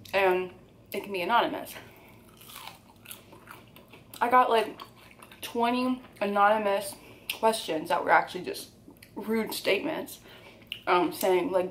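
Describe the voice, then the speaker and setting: A woman's voice: mid-range voice, a little hiss or hum. Candid young woman telling a story. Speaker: YouTuber. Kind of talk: storytime vlog while eating.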